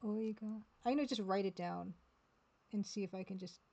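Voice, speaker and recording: A woman streaming a game live, talking casually and haltingly as she sounds out words one by one. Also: mid-range voice, vocal fry, mellow, highs cut off.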